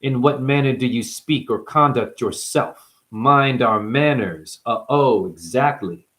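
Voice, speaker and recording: A man delivering a rambling spiritual monologue, free-associating through wordplay and jumping between near-whispers and sudden loud outbursts. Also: mid-range voice, unhurried. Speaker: spiritual speaker.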